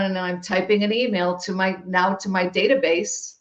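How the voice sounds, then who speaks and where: A woman tells a personal story with animated emphasis. Her voice sits at a middle pitch. The recording is roomy and slightly muffled. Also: moderate pace, gravelly. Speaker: guest. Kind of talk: storytelling in a podcast conversation. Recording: roomy, dull-sounding recording.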